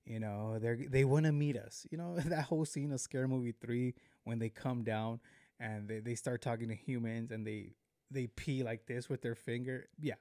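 Dude doing a chill vlog rant, says bro a lot, swears, laughs at himself, dark mellow voice. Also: male voice, medium pitch, dry recording, clean studio sound. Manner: animated, slangy, swears, chuckles often, calls viewers "bro". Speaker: vlog host. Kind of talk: casual vlog commentary.

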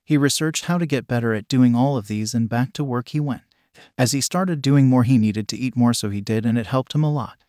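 A man's voice: mid-range voice, fairly quick, darkish tone, no echo, studio quality. Man reading fan fiction aloud. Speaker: narrator.

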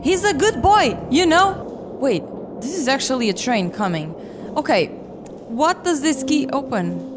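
High, lively young woman playing a game. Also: measured pace. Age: 20s. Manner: reactive, exclaiming and swearing at the game. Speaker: gaming video creator. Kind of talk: let's play commentary. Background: game music.

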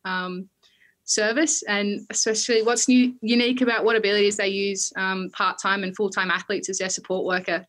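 Young Australian woman, twenties, guest interview; bright, forward tone, hesitant, lots of ums and restarts. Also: medium pitch, fairly even intonation, low-quality recording. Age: 20s. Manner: halting, many fillers and restarts. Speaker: guest athlete. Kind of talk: interview, personal recollection.

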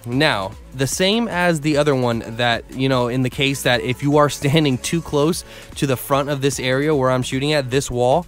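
A man's voice: medium pitch, normal speed, faint music behind. A man talking casually over gameplay footage, explaining glitches step by step in a rambling, self-amused way with lots of fillers. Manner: chatty, rambling with fillers, laughs at himself. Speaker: gaming YouTuber. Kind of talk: casual game tutorial voice-over.

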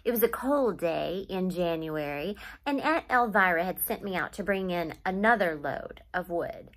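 A woman teacher with a lowish voice reads a children's novel aloud to her class, storytelling steadily and pausing to name literary devices.

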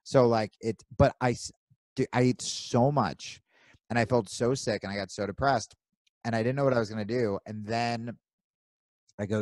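A man from New Jersey co-hosting a podcast, telling animated stories with plenty of swearing and acting out his own inner voice. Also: medium pitch, moderate pace, dry recording. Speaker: podcast co-host. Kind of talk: casual chat.

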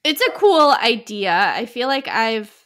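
A woman's voice: a little high, very animated, a little slow, fairly bright tone. A young woman co-hosting a podcast in casual chat, rambling and laughing, full of fillers. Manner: rambling, giggly, lots of fillers. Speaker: podcast co-host.

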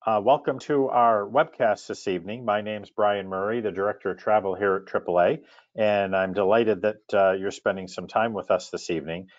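Low-voiced man hosting a webcast. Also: steady tone, moderate pace, no room sound. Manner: friendly, with frequent uh and um fillers. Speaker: webcast host, travel director. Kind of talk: casual webinar presentation. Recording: dull, lo-fi webcast audio.

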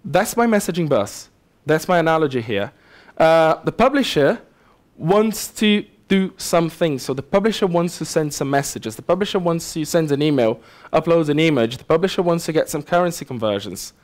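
A man giving a casual, lively technical talk at a conference, often checking in with the audience. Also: fairly high pitch, moderate pace. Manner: casual, animated explaining with asides to the audience. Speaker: conference speaker. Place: conference hall.

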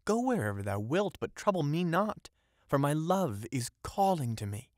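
A man's voice: fairly high pitch, very animated, normal speed, no echo, studio quality, pitched above the performer's own voice. A man voicing an impassioned young fisherman in love, declaiming in old-fashioned speech. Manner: urgent, declaiming archaic speech.

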